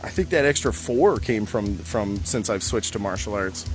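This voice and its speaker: A man's voice: lowish voice, expressive, moderate pace, soft background music. A man co-hosting a casual talk show, rambling and swearing as he laughs through stories. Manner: rambling, profane, laughing storyteller. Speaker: podcast co-host. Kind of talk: casual chat.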